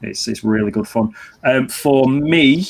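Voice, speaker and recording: Man, middle pitch, easygoing, jokey, casual stream chat. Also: unhurried, vocal fry. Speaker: stream co-host.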